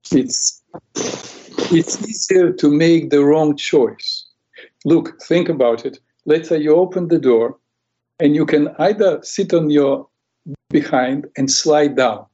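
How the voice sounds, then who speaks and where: A man with a gravelly, husky voice tells parables in a lively, animated way and slips into the voices of the people he describes. His tone is mellow and dark. The recording sounds dull and lo-fi. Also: fairly high pitch. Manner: animated storyteller who acts out quoted voices. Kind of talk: conversational teaching with stories.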